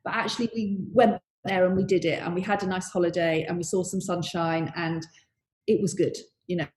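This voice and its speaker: A woman's voice: on the low side, fairly even intonation, fairly quick, a little mellow. Middle-aged woman, podcast guest, reflective and chatty, recorded in a roomy space. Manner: thoughtful, chatty, leans on "you know". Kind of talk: reflective conversation. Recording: roomy echo.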